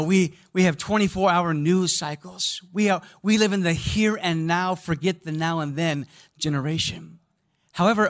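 A man with a high-pitched voice delivers a sermon. He tells stories with animation and talks right to the congregation, asking for their response. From American Midwest. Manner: storytelling, animated, addresses congregation directly. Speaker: pastor.

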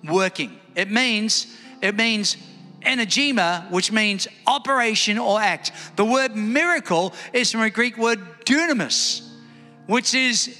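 A man preaching a sermon in a church hall, lively and calling on the congregation to respond. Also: very high-pitched. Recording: echoey hall with faint music.

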